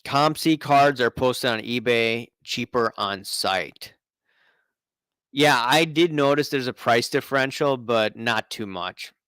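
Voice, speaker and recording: A man's voice: mid-range voice, slow pace, a bit bright, clean tone, no room sound. A man hosting a casual live stream, chatting and reading out viewer comments in a rambling way.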